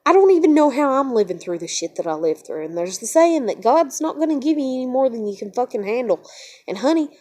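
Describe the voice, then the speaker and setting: A woman's voice: high-pitched, big pitch swings, fast, mellow. A young woman venting in a personal vlog, cursing freely and telling a painful family story in a raw, emotional way. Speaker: vlogger.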